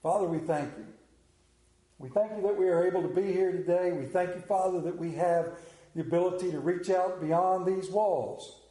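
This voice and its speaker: A man's voice: sits high, moderate pace, mellow, roomy sound, rough recording. A man, preaching a sermon and telling a story in a folksy, drawling manner. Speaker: pastor. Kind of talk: sermon with scripture reading and prayer.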